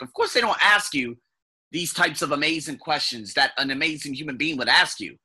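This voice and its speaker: A vlogger tells a personal story to the camera in a piercing, tense, very bright voice with a husky edge and fairly high pitch. He's casual and animated, expressive and fairly quick, swearing freely and now and then imitating sounds.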